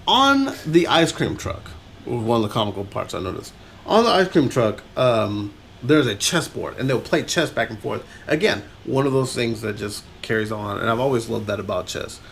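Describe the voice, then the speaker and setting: A man's voice: mid-range voice, big pitch swings, moderate pace, gravelly, a bit bright, a little hiss or hum. A man co-hosting a podcast, rambling through a film recap in casual chat and laughing often. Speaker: podcast co-host.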